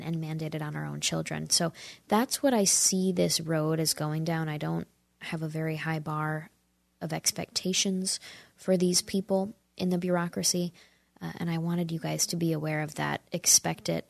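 A woman's voice: low-pitched, gravelly, a little mellow, no echo. A woman hosting a podcast, ranting heatedly in a casual monologue and sometimes dropping into whispers. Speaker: podcast host.

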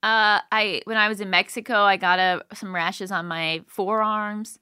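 A woman's voice: medium pitch, fairly even intonation, normal speed, bright, forceful tone, clear, resonant tone, no room sound, studio quality. A woman in her thirties co-hosting a variety show, chatting playfully and giving earnest advice. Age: 30s. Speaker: co-host. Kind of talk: casual podcast banter.

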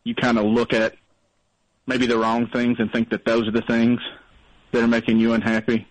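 A mid-range voice with a completely flat delivery and moderate pace belongs to a North Alabama man calling into a radio show. Still recovering from being sick, he rambles casually in a wry, self-deprecating manner, captured on a low-quality recording with no room sound.

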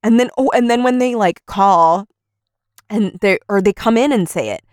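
A young woman co-hosting a casual book podcast, lively, acting out characters in quick put-on voices and laughing often. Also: mid-range voice, dry recording, clean studio sound. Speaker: podcast co-host. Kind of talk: casual book-club chat.

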